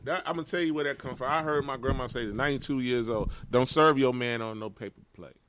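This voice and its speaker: A man's voice: medium pitch, quick pace, fairly bright tone. A man guest on a casual talk show, speaking emphatically and repeating phrases for effect. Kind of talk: casual chat.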